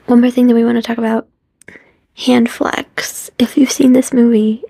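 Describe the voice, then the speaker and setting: A woman's voice: fairly high pitch, flat delivery, moderate pace, gravelly, mellow, no echo. A young woman vlogger recapping a favorite movie in a gushing, casual way, often dropping to a whisper and acting out the characters' lines. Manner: gushing, often drops into whispers, acts out quotes.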